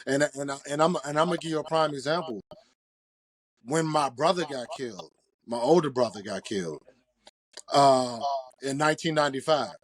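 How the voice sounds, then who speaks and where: An earnest man answers in a candid, reflective way, restarting his phrases as he gathers his thoughts. His voice sits at an ordinary middle pitch. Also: normal speed, pauses often. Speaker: podcast guest. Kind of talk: reflective conversation.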